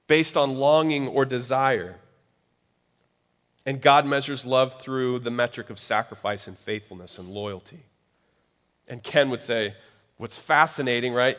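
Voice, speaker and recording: A man's voice: medium pitch, a bit bright. Man preaching in a reverberant hall. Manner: conversational preaching with frequent asides. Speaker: pastor. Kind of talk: sermon. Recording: long reverb of a large hall.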